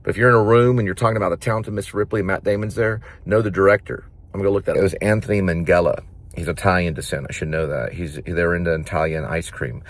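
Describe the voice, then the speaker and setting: A man's voice: sits low, fairly even intonation, fast. A man who acts, telling rambling stories to the camera in a casual vlog, repeating himself as he goes. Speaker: actor and vlogger.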